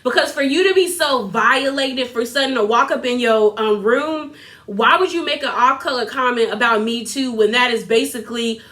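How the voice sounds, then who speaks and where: A young woman giving a casual, animated recap of a reality TV episode, sassy and quick to laugh. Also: fairly high pitch. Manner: animated, sassy, laughs often, quotes others in put-on voices.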